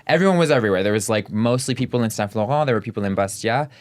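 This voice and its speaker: A man speaks in a low, smooth and clear voice as a podcast guest. He tells stories casually and emphatically and fills nearly every phrase with "like.". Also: very fast. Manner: animated, talks emphatically. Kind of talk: casual chat.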